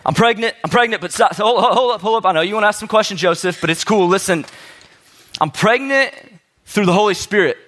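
A man's voice: high-pitched, a little fast, a bit bright. A man voicing a young Mary, earnest and insistent, speaking in a casual modern way. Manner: pleading, insistent.

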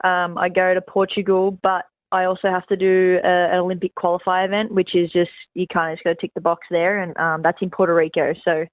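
A woman's voice: fairly low pitch, little pitch movement, a little fast, hardly any pauses, no room sound. Laid-back Australian woman on a phone line. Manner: laid-back, friendly, filler-heavy. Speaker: guest, pro surfer. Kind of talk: radio phone interview.

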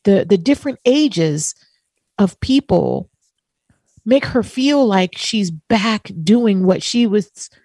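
A woman co-hosting a talk show, telling a heartfelt personal story and quoting others in soft voices. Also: mid-range voice, lively intonation, takes it slowly, slightly rough, dry recording. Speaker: co-host. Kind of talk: emotional personal story, casual chat.

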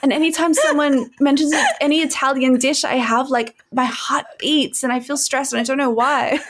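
A woman's voice: steady tone, moderate pace, a bit bright. A young woman chatting in a jokey casual way as a podcast co-host, full of "like". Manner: jokey, lots of "like", jumps into silly high voices. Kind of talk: casual comedic chat.

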